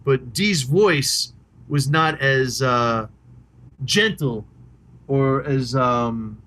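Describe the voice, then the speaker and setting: A man's voice: medium pitch, extremely slow, a bit bright. A middle-aged man, chatting casually and enthusiastically as a podcast co-host, rambling and swearing freely. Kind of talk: casual chat about rock music.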